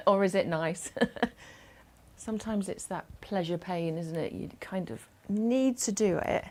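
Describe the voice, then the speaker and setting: A woman instructor leading a gentle chair exercise class over a video call, encouraging and instructive. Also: mid-range voice, takes it slowly.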